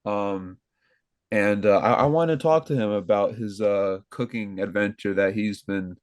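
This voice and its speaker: Young american dude cohosting a podcast, kinda low voice, rambly, keeps fixing his own mixups. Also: unhurried, dry recording. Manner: rambling, self-correcting, laughing at own slips. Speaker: podcast co-host. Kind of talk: casual podcast chat.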